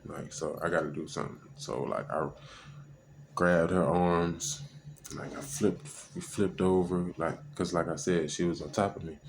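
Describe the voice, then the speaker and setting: Gravelly low-voiced man telling a story. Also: steady tone, a little hiss or hum. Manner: slangy and halting, with many fillers and restarts. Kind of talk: casual personal storytelling.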